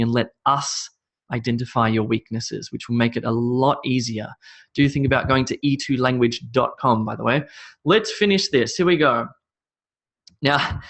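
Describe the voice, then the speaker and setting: A man's voice: medium pitch, a bit bright. A man with an Australian accent teaching English pronunciation, repeating each word three times. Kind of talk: pronunciation drill lesson.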